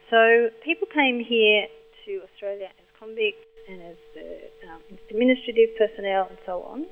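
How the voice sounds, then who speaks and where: A woman linguistics expert explaining patiently in an interview. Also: medium pitch. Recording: tinny phone line.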